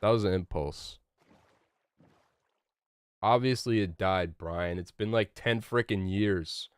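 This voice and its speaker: A man's voice: low-pitched, slow, smooth, dry recording, clean studio sound. A young man live-streaming a game, chatting loosely with his chat, rambling and swearing casually. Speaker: gaming streamer.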